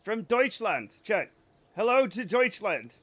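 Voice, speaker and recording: In a casual livestream, an American man plays a game while cracking jokes and wandering off on tangents with his chat. He speaks slowly in a high, fairly bright voice that swings widely in pitch.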